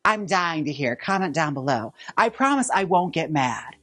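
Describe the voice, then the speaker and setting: A man's voice: on the high side, moderate pace, hardly any pauses, no room sound, soft background music. A drag queen host chatting campily and sassily while styling a wig in a casual vlog. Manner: campy, sassy, animated chatter.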